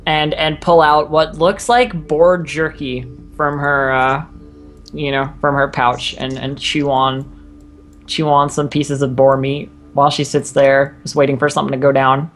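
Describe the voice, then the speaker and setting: A woman's voice: low-pitched, little pitch movement, unhurried. A woman playing a tabletop game, describing her character's actions with hesitant restarts. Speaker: player.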